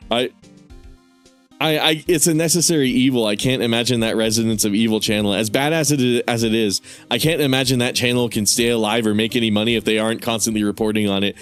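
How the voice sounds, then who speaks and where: A man's voice: medium pitch, fairly even intonation, brisk, soft background music. A man streaming a game, rambling casually, swearing and laughing often. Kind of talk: casual gaming stream commentary.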